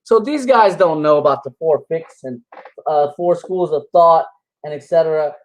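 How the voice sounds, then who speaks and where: A man whose voice is on the high side reacts to videos as a religious commentator, talking at normal speed on a low-quality recording. His commentary is casual, combative, and dismissive, full of rambling restarts and scoffing laughs between points.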